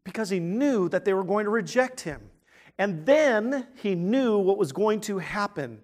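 A man preaching a sermon in an earnest way, asking rhetorical questions and swinging from quiet, hushed points to loud, emphatic ones. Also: high voice, animated, measured pace. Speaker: pastor.

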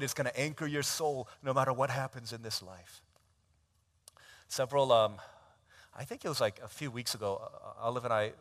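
A man preaching a sermon as pastor, telling a story and acting out its dialogue in a raised, animated voice. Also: mid-range voice. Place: church.

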